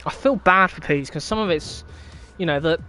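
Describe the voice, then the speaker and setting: A man's voice: fairly high pitch, normal speed, bright, forceful tone, slight background noise. A young man hosting a racing league stream, chatting casually in a wry, rambling way and laughing often. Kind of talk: casual live-stream chat.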